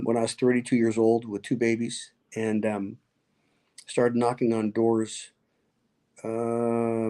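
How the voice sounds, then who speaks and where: Gravelly-voiced man telling lively stories. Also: medium pitch. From Nevada. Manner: lively, acts out quoted voices, laughs often. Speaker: guest, pastor and speaker. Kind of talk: animated storytelling interview.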